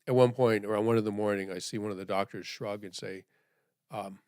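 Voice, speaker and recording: A middle-aged man telling a story as a podcast guest, rambling and checking in with "right?", dropping to a hushed voice at grave moments. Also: lowish voice, fairly even intonation, a little fast, smooth, no room sound, clean studio sound.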